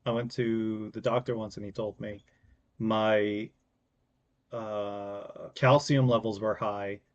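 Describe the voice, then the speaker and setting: A man's voice: on the low side, little pitch movement, takes it slowly. Easygoing man on a dull-sounding podcast mic. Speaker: podcast co-host. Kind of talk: casual chat.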